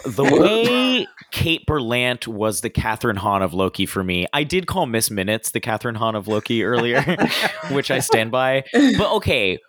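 A man's voice: mid-range voice, normal speed, dry recording, studio quality. A man co-hosting a podcast, telling stories casually and expressively. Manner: expressive storytelling, laughs often. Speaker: podcast co-host. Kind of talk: casual chat.

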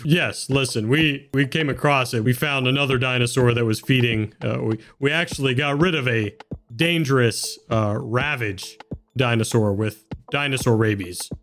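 A man playing a tabletop role-playing game, giggly and excitable. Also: medium pitch, normal speed. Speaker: player.

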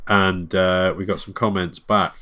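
A man chatting as podcast co-host, his voice sitting low. He jokes with dry asides and reads lists aloud in an easy, casual way. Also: little pitch movement, measured pace, pushed and bright. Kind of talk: casual chat.

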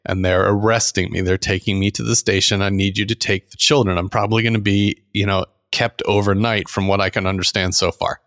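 Middle-aged male podcast co-host, low gravelly voice, lively storyteller who acts out quotes. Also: brisk, hardly any pauses. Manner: animated anecdote teller, acts out quotes. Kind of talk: casual storytelling chat.

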